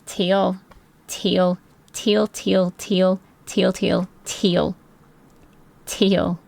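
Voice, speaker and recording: Excitable young woman streamer, gravelly. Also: lowish voice, drawn-out words. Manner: excitable, rambling, swears freely. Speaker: live streamer. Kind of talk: casual live-stream chat while gaming.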